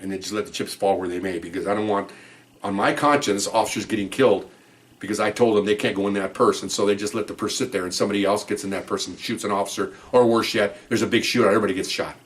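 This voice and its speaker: A man voicing a calm, earnest male judge who speaks quietly and slowly, in a measured, deliberate way. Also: on the low side, close to an everyday voice. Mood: pleading.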